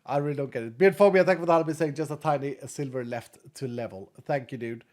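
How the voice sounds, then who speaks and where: A game streamer with a medium-pitched, darkish voice talks fast as he hangs out with his audience. Laughing frequently, he reads viewer messages aloud in non-native-accented English during this casual live-stream chat.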